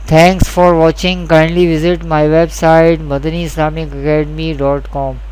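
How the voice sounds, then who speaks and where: A man teaching Quran reading rules in a slow, deliberate lesson, repeating each key point and speaking English with a South Asian accent. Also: fairly high pitch, little pitch movement, darkish tone, clear, resonant tone, poor audio. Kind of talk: slow scripted lesson narration.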